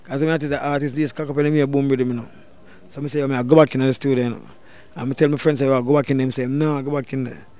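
A man's voice: mid-range voice, racing, clear, resonant tone. A middle-aged Jamaican man, a dancehall deejay, telling a story in an interview and raising his voice to act out what people said. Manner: animated, loud bursts when acting out quotes.

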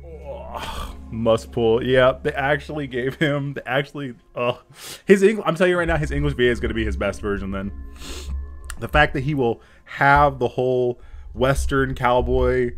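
A man in his thirties giving casual reaction commentary on a game, excitable, swearing and laughing often. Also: mid-range voice, normal speed, soft background music. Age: 30s.

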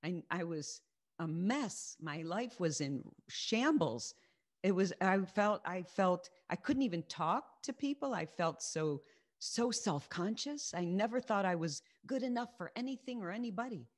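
A woman with a somewhat low voice teaches her faith group over a video call. She speaks earnestly and repeats her key phrases to drive them home while sharing her own testimony. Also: lively intonation, unhurried. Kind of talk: Christian teaching and personal testimony.

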